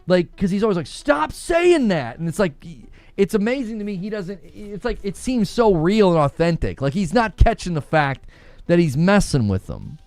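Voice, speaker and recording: Lively, animated man chatting casually. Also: sits high, normal speed, dry recording, soft background music. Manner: rambling, many fillers, laughs easily. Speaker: gaming news podcast host. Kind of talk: casual chat.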